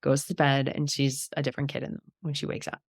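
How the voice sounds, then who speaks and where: A middle-aged woman hosting a relaxed podcast chat. Her voice sits low with a gravelly edge, and she talks softly and reflectively, trailing off in short phrases. The sound is dry and close, with no room around it. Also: brisk, dry recording. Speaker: podcast host. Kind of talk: reflective casual conversation.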